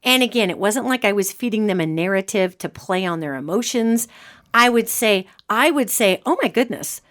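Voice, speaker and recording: A woman hosting a podcast as a medium, an animated storyteller who acts out quotes in casual chat. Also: medium pitch, moderate pace. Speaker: host and medium.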